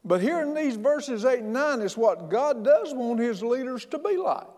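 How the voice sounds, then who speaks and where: A man's voice: extremely high pitch, very animated, moderate pace, a little mellow, long reverb tail. A man preaching a sermon as pastor, folksy and emphatic, often starting with "hey" and restarting lines.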